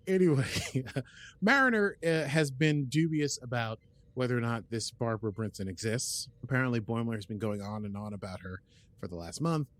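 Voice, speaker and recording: A man hosting a podcast and recapping an episode in casual chat, rambling with lots of fillers and slipping into quick quoted asides. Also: medium pitch. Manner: rambling, with frequent fillers and restarts; plays out characters' lines in quick quoted asides. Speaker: podcast host.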